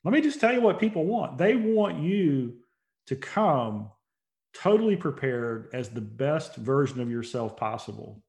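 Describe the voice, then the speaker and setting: A man's voice: mid-range voice, big pitch swings, a little slow, creaky, a little mellow. A man speaking as an interview guest, telling stories earnestly and building to emphatic points. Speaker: interview guest, motivational speaker and company CEO. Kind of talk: casual conversational interview.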